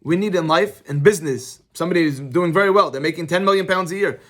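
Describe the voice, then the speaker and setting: A man's voice: on the high side, fast talker. A middle-aged man, a rabbi, giving an informal Torah class, teaching through conversational personal stories. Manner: conversational, storytelling, animated.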